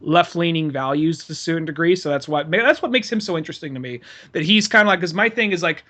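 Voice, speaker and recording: A man's voice: a little high, fast talker, bright, forceful tone. A man co-hosting a podcast, chatting casually with hedges and swearing. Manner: chatty, hedging, profane. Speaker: podcast co-host. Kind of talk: casual chat.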